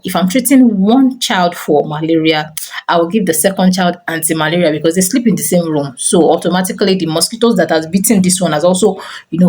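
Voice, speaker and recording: Lower-pitched woman. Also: low-quality recording. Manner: animated storyteller, frequent "you know" fillers. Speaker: teacher and school owner giving parenting advice. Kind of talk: personal storytelling to camera.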